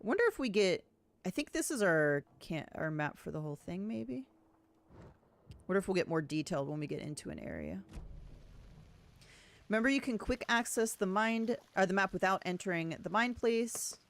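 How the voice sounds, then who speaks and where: A woman's voice: medium pitch, sing-song, normal speed. A woman streaming a game playthrough, chatting casually, thinking aloud and reading on-screen text. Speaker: gameplay streamer. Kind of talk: casual let's-play commentary.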